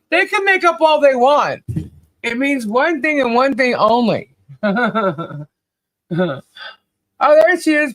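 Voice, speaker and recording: A co-host greets viewers one by one on a casual livestream, cheerful and quick to laugh. The delivery is slow and relaxed. The voice sits dry and close on the mic. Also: medium pitch, no room sound. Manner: cheerful, laughs often, calls out names. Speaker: podcast co-host.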